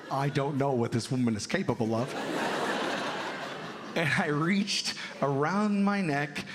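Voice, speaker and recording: A male stand-up comedian telling a story on stage, animated and lively, with sudden jumps into loud character voices. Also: mid-range voice. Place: large theater stage. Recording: reverberant hall, loud audience.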